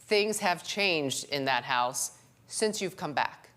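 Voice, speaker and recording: A woman's voice: low-pitched, expressive, takes it slowly, fairly bright tone. A woman hosting a live reality TV show, upbeat and projecting to a studio audience. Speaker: host.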